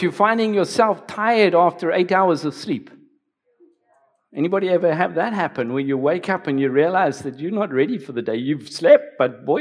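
A man's voice: sits high, husky. A middle-aged male pastor preaching a personal, emotional sermon, often restarting his sentences.

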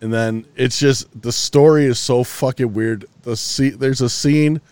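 A man's voice: mid-range voice, steady tone, unhurried, a little mellow, clean tone, dry recording. A man co-hosting a podcast, telling a long story in casual chat, loose and profane with lots of restarts, sounding tired. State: yawning, tired. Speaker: podcast co-host.

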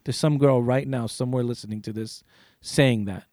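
A man's voice: mid-range voice, steady tone, moderate pace, darkish tone, no room sound. Laid-back podcast host man, dry sound. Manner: laid-back, swears casually. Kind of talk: casual interview chat.

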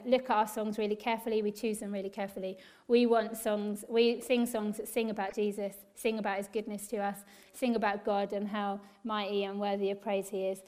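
A woman worship leader speaks to a congregation in an eager, encouraging church talk, moving quickly and laughing often. Her voice is mid-range and a little mellow.

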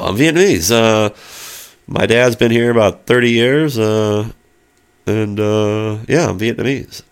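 A man's voice: lowish voice, unhurried, smooth. A middle-aged man telling a long, rambling story in casual chat, with lots of fillers and spoken sound effects.

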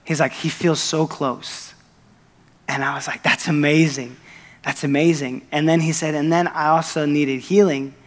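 A young man preaching a sermon, telling a story with quoted dialogue in an earnest, excited manner. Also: on the high side, moderate pace. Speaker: pastor. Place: church sanctuary. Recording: long reverb of a church hall.

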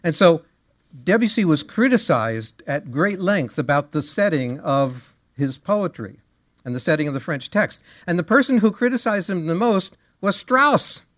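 A male music teacher giving a lecture. He explains things in an animated way and sings rhythms aloud as syllables. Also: on the high side, normal speed, dry recording, clean studio sound.

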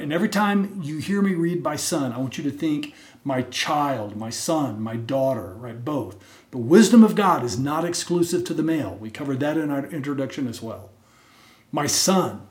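A man with a slightly high voice preaches from the pulpit, stressing his points and tossing in quick "right?" asides. His voice rings through an echoey church sanctuary. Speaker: pastor. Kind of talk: sermon.

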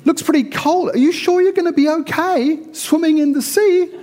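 A man's voice: very high voice, normal speed, darkish tone, voice pushed up. A man voicing his small child, asking anxiously from the car. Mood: worried. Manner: anxious, pleading.

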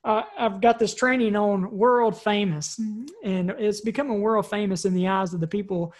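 This is a recorded training talk by a woman who works as a personal development trainer. Her medium-pitched voice stays steady at a normal speed, and her delivery is loose and conversational, full of "right?" tag questions. She often repeats and restarts words and phrases while she thinks.

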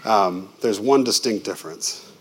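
A man preaching a sermon as a pastor, conversational and lively with vivid asides to the congregation. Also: on the low side, measured pace, a little hiss or hum.

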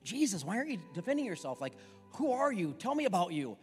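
A man voicing a demanding Roman governor who shouts incredulous questions, recorded in an echoey hall with faint music. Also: sits high, very animated, fast talker, voice pushed up.

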